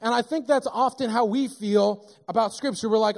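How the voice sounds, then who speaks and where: High-voiced man preaching an animated sermon. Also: fairly quick, vocal fry, few pauses. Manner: animated, joking, conversational. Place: church sanctuary.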